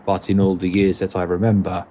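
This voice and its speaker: A wary young shapeshifting druid from a tabletop role-play, picking each word slowly and carefully, as a man puts him on. His voice sits low, with a faint hum of room noise behind it. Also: flat delivery, mellow, lightly acted. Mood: earnest. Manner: slow, careful, halting speech.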